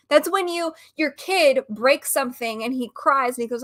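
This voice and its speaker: A woman co-hosting a casual chat, talking in an animated, ranting way and laughing often. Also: high voice, fairly quick, few pauses. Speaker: co-host.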